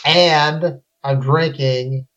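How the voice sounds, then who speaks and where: A man's voice: on the high side, steady tone, very slow, a bit bright, muffled recording. A man co-hosting a podcast in casual chat, dry and joking. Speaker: podcast co-host.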